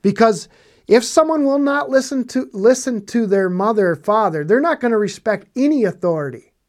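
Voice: mid-range voice, lively intonation, normal speed. A Bible teacher preaching on scripture in a conversational way, stressing points by repeating phrases and asking rhetorical questions.

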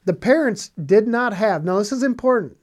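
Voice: medium pitch, animated, moderate pace. A Bible teacher preaching on scripture in a conversational way, stressing points by repeating phrases and asking rhetorical questions.

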